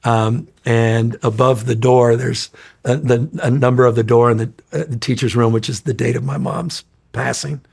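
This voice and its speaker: Gravelly-voiced middle-aged man telling stories. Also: mid-range voice, normal speed. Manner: profane, animated storyteller, acts out quoted voices loudly. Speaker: interview guest. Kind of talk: casual storytelling chat.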